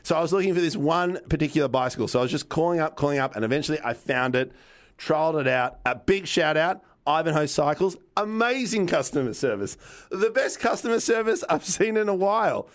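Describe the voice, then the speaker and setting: A man's voice: on the high side, expressive, fairly quick. A man with an Australian accent, co-hosting a podcast and telling a story casually, swearing freely and acting out both sides of the conversation. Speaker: podcast co-host.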